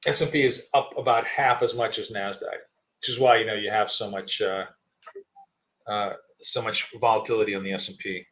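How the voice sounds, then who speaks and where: Bright-voiced man talking through live trades. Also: fairly low pitch, fairly even intonation, moderate pace. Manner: thinking aloud, many fillers and restarts; chewing gum while talking. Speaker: trading stream host. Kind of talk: live trading commentary.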